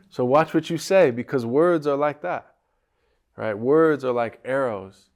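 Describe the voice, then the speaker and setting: A man teaching as a spiritual teacher, retelling a story in a reflective, soft-spoken way that drops to a hush at phrase ends. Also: mid-range voice, unhurried. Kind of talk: storytelling lesson on poetry. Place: retreat gathering.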